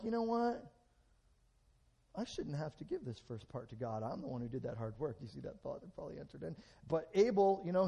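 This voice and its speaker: A middle-aged man preaching a lively sermon, swinging between loud and hushed, acting out bits of dialogue. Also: sits high.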